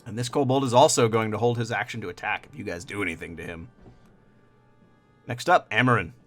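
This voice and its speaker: A man's voice: fairly low pitch, fairly quick, soft background music. A man narrating a tabletop game as game master, in a casual manner with fillers. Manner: casual, describes scenes with fillers.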